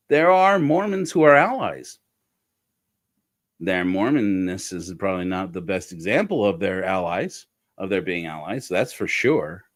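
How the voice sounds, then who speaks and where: A middle-aged man hosting a godless sermon, talking in a rambling, self-correcting way with wry asides. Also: on the low side. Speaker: podcast host. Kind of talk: casual sermon-style commentary.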